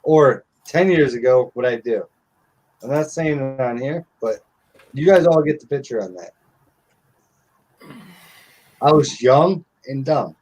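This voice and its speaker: A man's voice: medium pitch, animated, moderate pace, a little mellow, husky. A middle-aged man telling stories in casual live-stream chat, blunt and profane.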